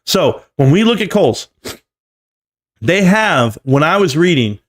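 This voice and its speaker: A man's voice: fairly high pitch, very animated, slow. A man giving live stream market commentary, emphatic and lecturing, often repeating key numbers. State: coughing, choked up.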